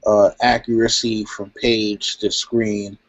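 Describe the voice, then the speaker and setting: A man's voice: on the low side, flat delivery, takes it slowly, no room sound. A man talking casually in a live chat, laid-back and rambling with "you know" and "um". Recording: dry, dull lo-fi stream audio.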